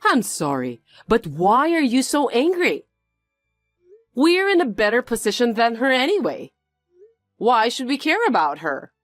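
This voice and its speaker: A woman's voice: fairly high pitch, very animated, measured pace, no room sound, faint music behind. A woman voicing a snobbish, mocking wealthy woman who talks down to others in a drama. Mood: indignant. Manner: condescending, taunting.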